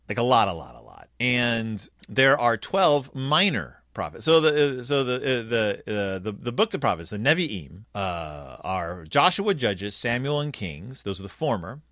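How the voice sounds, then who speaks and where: A man giving casual, animated commentary on a children's Bible storybook, with many fillers. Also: mid-range voice, dry recording, studio quality. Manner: animated, frequent fillers and restarts.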